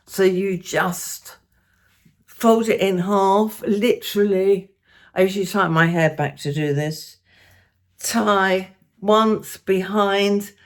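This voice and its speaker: An older woman talks casually to her viewers at home, chatty and a little self-deprecating. Her voice sits at a middling pitch, with an easy, conversational lilt. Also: reverberant. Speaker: lifestyle vlogger. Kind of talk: casual vlog chat. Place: at home indoors.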